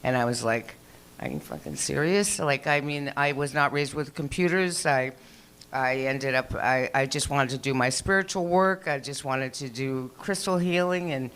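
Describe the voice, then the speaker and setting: A woman's voice: very deep voice, normal speed, clean tone. An older woman doing a stand-up comedy set, telling stories in a chatty, profane way, full of fillers and restarts. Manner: chatty, profane, animated storytelling with many fillers. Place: small comedy venue.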